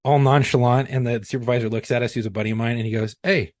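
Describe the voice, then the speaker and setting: A man's voice: medium pitch, steady tone, quick pace, few pauses, dry recording. A man, a former police chief, telling a rambling, profane story on a podcast. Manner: profane, rambling anecdote with many fillers. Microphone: studio podcast mic.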